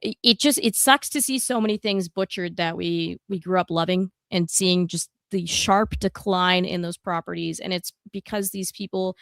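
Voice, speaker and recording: A woman's voice: lowish voice, moderate pace, creaky, hardly any pauses, a bit bright, no echo, clean studio sound. A woman co-hosting a casual gaming podcast, talking bluntly and heatedly and swearing a lot. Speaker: podcast co-host.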